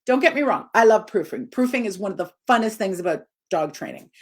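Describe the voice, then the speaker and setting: Briskly paced, a woman in her forties who trains dogs gives an informal talk over live video. She sounds expressive, her voice soaring high on emphasized points.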